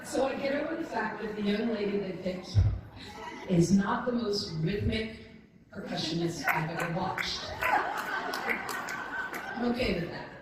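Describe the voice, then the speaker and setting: A woman's voice: mid-range voice, animated, unhurried, long pauses, over a noisy crowd. A woman in her sixties telling funny stories to an audience as a speaker at a ceremony, chatty and self-mocking, often laughing as she talks. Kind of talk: anecdotal speech to an audience. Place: large event hall. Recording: echoey hall, from far off.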